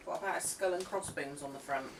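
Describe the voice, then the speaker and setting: A woman chatting casually off camera during a tech unboxing, throwing in teasing, quick quips. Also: low-pitched, distant mic. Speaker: co-host off camera. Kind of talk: casual chat.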